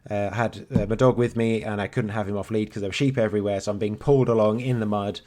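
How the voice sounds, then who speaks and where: Male co-host, 30s, lowish voice, talks fast, rambling and sweary. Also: steady tone, a little mellow. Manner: swears freely, chatty and rambling. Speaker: podcast co-host. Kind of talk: casual chat.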